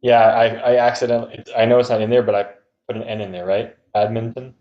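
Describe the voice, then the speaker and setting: A man's voice: mid-range voice, flat delivery, fast talker, reverberant, lo-fi sound. A man co-hosting a casual podcast chat in an easygoing way, laughing often. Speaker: podcast co-host.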